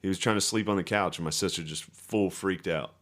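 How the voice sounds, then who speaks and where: A man's voice: low-pitched, brisk, fairly bright tone. A man in his thirties co-hosting a comedy podcast, telling dry, crude stories about his family and laughing along. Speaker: podcast co-host. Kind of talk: casual comedy podcast chat.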